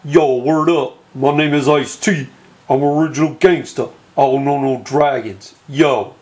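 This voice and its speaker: A man's voice: fairly high pitch, steady tone, measured pace, a little mellow, lightly acted. A man doing a silly impression of a tough-talking rapper in a home-made comedy movie, full of slang and rhymes. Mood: swaggering. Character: impression of a swaggering male rapper.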